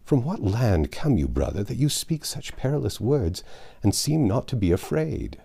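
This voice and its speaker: A man's voice: medium pitch, big pitch swings, normal speed, vocal fry, mellow, slightly rough, heavily acted. A man reading aloud voices a frightened, downtrodden peasant charcoal burner who speaks in hesitant, then earnest, old-fashioned words. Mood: fearful.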